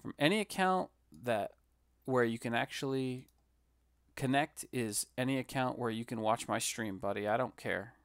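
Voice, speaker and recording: A man's voice: mid-range voice, normal speed, clean tone, no room sound, clean studio sound. A man casually commenting while building on a live stream, joking and rambling with self-mocking asides.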